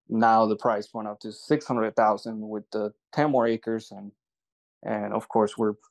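A man's voice: on the low side, creaky, a little mellow, low-quality recording. A man in casual talk, telling a story at an easy pace, often restarting his sentences. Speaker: land investor.

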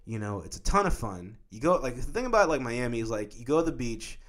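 A man's voice: mid-range voice, big pitch swings, quick pace, fairly bright tone. Loose, swearing male storyteller. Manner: loose and profane, many likes and rights. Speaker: filmmaker guest. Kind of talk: casual comic storytelling.

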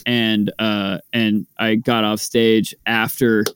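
Lively joking man telling a story. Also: fairly low pitch, slow pace, clean tone, no echo, studio quality. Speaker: podcast co-host, rapper. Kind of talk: casual chat.

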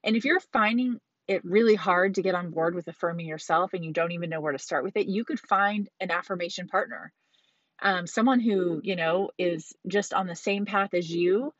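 A woman hosts a casual self-help podcast with a candid, emphatic manner, dropping the odd swear word. Her voice sits a little low. The recording is dry and slightly dull. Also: moderate pace, no room sound. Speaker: podcast host.

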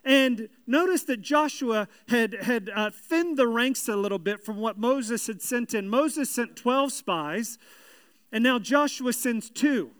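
A man's voice: very high-pitched, animated, takes it slowly, fairly bright tone, smooth, no room sound. A man preaching a sermon, reading scripture aloud and then expounding on it earnestly, with restarts and emphasis. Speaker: pastor.

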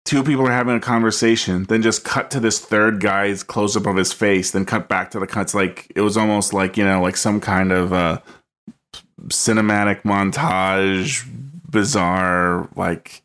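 A man's voice: lowish voice, steady tone, moderate pace, a bit bright. A man co-hosting a casual chat about a film, thoughtful and hesitant with many fillers. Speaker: film podcast co-host.

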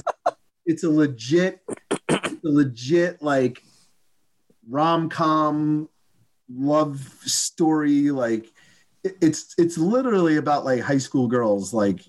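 A man speaking slowly, with a voice a little higher than most, as a podcast co-host. He stops and restarts his sentences often as he chats. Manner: halting, restarts sentences, reads out stats. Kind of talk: casual podcast banter.

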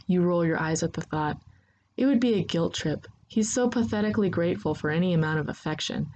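A woman narrating a second-person story in a steady, unhurried reading voice. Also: fairly low pitch, slight background noise, poor audio.

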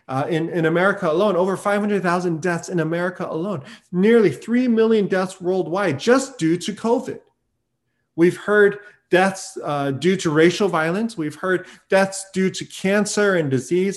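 Preaching man, fairly high voice. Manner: earnest preaching, rising to emphatic peaks; storytelling with acted quotes. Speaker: pastor. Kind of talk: sermon.

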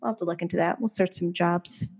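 A woman's voice: on the low side, fairly even intonation, quick pace, vocal fry, a little mellow, husky. A woman co-hosting a podcast, chatting casually, teasing and laughing often. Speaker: podcast co-host. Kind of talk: casual chat.

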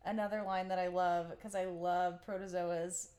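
A woman's voice: on the low side, level tone, darkish tone. A woman co-hosting a podcast in casual chat, enthusiastic and giggling as she talks. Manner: giggly, enthusiastic, drawn-out delivery. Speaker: podcast co-host.

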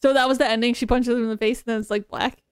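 A woman with a smooth, clear voice that sits a little high. She chimes in with quick reactions and short comments during a casual conversation. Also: steady tone. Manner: reacts with short interjections and laughs. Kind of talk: casual chat.

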